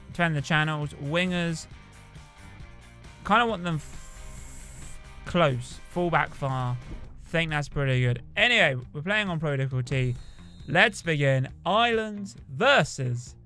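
A young man chatting casually and excitably as he plays a rugby video game. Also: a little high. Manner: chatty, excitable, cheers on his team. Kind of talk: casual gameplay commentary.

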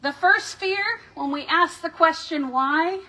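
A woman pastor delivering a sermon in a measured, reflective way, voicing the questions of scripture with drama. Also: extremely high pitch, bright, forceful tone. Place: church sanctuary.

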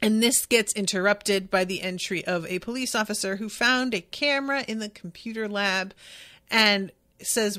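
A woman's voice: mid-range voice, steady tone, moderate pace, bright, forceful tone, dry recording. A woman hosting a podcast, recapping a TV episode in casual chat with plenty of enthusiasm and swearing, and reading out listener comments. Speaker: podcast host.

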